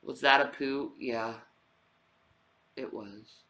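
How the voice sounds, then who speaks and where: Slow-talking man cooing to his cat. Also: mid-range voice, steady tone, vocal fry, low-quality recording. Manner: soft baby talk to a pet cat. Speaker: streamer. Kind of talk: casual livestream chat.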